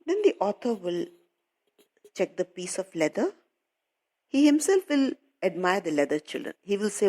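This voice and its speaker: A woman's voice: medium pitch, big pitch swings, normal speed, long pauses, a little mellow. A woman English teacher explaining a story to schoolchildren, patiently repeating and paraphrasing while calling them children.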